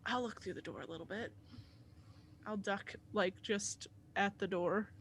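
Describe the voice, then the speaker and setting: A woman playing in a live tabletop game, chatty and quick, describing her character's moves. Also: mid-range voice, a bit bright, slight background noise. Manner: quick, chatty, laughs often. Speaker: player. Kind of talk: casual tabletop play.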